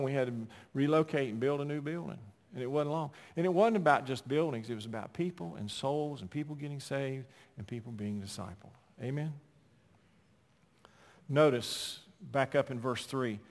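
A man preaching a sermon, swinging from loud emphatic lines to soft, quiet storytelling. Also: a little high, a little fast, in a large hall. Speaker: pastor.

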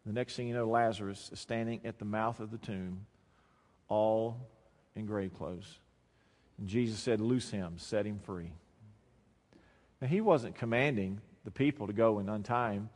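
A man preaching a sermon, swinging between quiet, low passages and loud, emphatic lines. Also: a little slow. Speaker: pastor. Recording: long hall reverb.

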